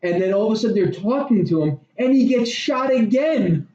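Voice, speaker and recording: A man guesting on a podcast, excitedly chatting about a movie and laughing while retelling scenes. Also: high voice, fairly quick. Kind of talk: casual movie review chat. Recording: roomy, distant, lo-fi mic.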